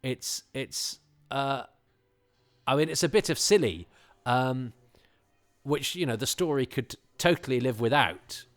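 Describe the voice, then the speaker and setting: A man's voice: medium pitch, lively intonation, unhurried, long pauses, fairly bright tone. A man guesting on a podcast, chatting casually and enthusiastically in a rambling way with chuckles. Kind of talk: casual chat.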